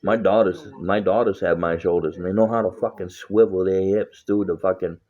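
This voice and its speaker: A very deep-voiced man talks loosely on a livestream, rambling and cursing freely between laughs. The audio is dull and lo-fi. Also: steady tone, a little fast, a little mellow. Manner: profane, rambling, laughs often. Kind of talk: casual livestream chat.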